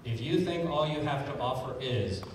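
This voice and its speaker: A man giving a sales training talk to an audience, energetic and jokey, recorded from a distance in a large echoey hall. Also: medium pitch, normal speed. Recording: echoey hall, distant mic, faint room noise.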